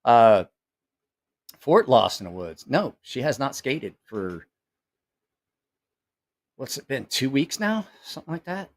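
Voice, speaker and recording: A mid-range voice, slow and with frequent pauses, belongs to a middle-aged livestream host talking to a live audience from his home, family close by. His casual chat runs to rambling stories. He swears a lot, laughs, and tells them with animation.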